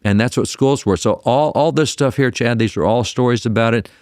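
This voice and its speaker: A man as a guest historian in an interview, telling stories in an animated way and often repeating words as he starts sentences. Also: medium pitch, brisk, dry recording, studio quality. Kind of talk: interview storytelling.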